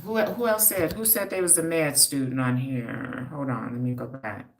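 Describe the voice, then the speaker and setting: A low-pitched woman hosts a casual livestream and talks straight to her viewers. She is emphatic and preachy and drives points home by repeating them. Her voice rings in an echoey room. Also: steady tone, moderate pace. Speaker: livestream host, hair stylist and wellness coach.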